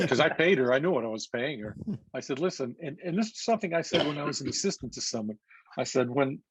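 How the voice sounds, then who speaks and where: A man's voice: mid-range voice, lively intonation, quick pace, breathy edge. A man, a photographer, reminiscing in casual chat over a video call, reflective and chatty. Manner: reflective, chatty, with small restarts. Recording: dull, dry lo-fi audio.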